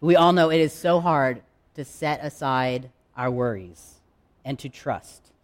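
A man preaching a sermon in a candid, conversational way, with dramatic pauses. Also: mid-range voice. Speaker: pastor.

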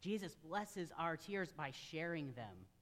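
A man delivering a sermon in a church, his voice sitting a little high for a man. He preaches earnestly but keeps it conversational, with direct asides to the people in front of him. A long reverb from the large room trails behind each phrase. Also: sing-song, slow pace, fairly bright tone. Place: church sanctuary.

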